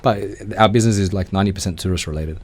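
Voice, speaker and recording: A man's voice: low voice, no echo. A man with an Australian accent chatting casually as a radio interview guest, telling rambling stories and acting out the people in them. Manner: fast, rambling storyteller who acts out quoted people. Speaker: guest, car rental business owner. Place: radio studio.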